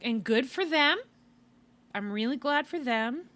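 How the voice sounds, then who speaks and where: A woman's voice: sits high, lively intonation, unhurried, a bit bright. Tired, wry woman podcast host. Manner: wry, rambling, with sighs and laughs. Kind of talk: casual chat.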